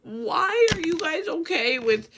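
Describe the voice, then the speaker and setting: A woman's voice: very high-pitched, very animated, slow pace, background noise. A woman talking with exasperation, swearing and laughing bitterly.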